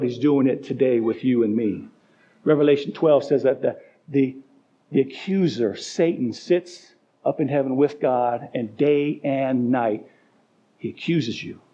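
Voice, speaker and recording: A man's voice: fairly high pitch, mellow, slightly rough, highs cut off. A male pastor preaching a sermon emphatically, acting out quoted voices along the way. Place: church.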